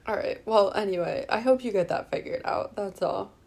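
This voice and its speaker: A woman's voice: medium pitch, vocal fry, darkish tone. Female co-host, casual banter, teasing tone. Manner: teasing, quick reactions. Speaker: podcast co-host. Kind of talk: casual chat.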